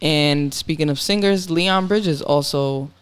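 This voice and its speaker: A man's voice: fairly high pitch, slow, smooth. A young man co-hosting a casual podcast, chatting about new albums and running through their credits with enthusiasm. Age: young adult. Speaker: podcast co-host. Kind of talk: casual music discussion.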